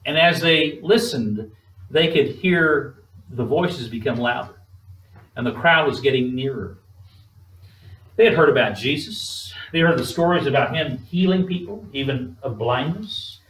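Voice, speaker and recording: A man preaching a sermon in a measured, emphatic way, drawing spoken responses from the congregation. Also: medium pitch, lively intonation, fairly bright tone. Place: church sanctuary. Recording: echoey room, distant mic.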